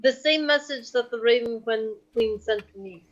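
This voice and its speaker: Patient lady at a tabletop game, bit higher voice, muffled mic. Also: moderate pace. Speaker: player. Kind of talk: casual tabletop role-play. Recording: dull lo-fi mic.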